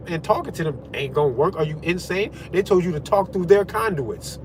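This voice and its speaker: A fairly high-voiced man vents to his viewers in a confrontational, expletive-filled rant. He pushes his points hard and challenges the audience directly. Faint vehicle noise hums in the background. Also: animated, fairly quick. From United States. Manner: heated, confrontational, heavy swearing. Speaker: channel host. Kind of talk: profane political rant to camera.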